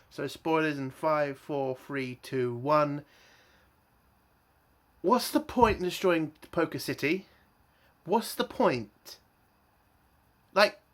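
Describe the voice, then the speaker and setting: A man's voice: a little high, a bit bright. A man giving an exasperated, swearing review rant full of emphatic rhetorical questions.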